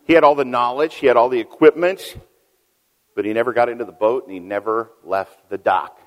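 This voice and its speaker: A middle-aged man preaching a sermon as a pastor, telling a story that swings between loud emphasis and hushed asides. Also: mid-range voice, fairly quick. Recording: long reverb of a large hall.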